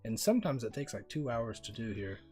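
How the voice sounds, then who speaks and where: A man's voice: mid-range voice, very animated, brisk, a little mellow. Young male streamer, loose rambling delivery, mid-range voice, faint music bed. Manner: rambling, talks straight to chat, says bro often. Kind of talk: casual chat reading viewer comments.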